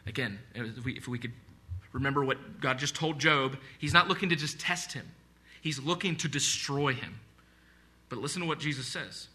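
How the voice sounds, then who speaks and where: A man's voice: medium pitch, brisk, bright, forceful tone. A man preaching a sermon, speaking earnestly and conversationally with repeated phrases and asides. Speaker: pastor.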